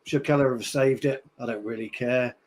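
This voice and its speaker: A man giving blunt football opinions in a casual podcast chat. His voice sits at a mid pitch, and he sounds buzzing while swearing freely. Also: fairly even intonation, moderate pace, a little mellow. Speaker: podcast panelist. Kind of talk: casual match-reaction chat.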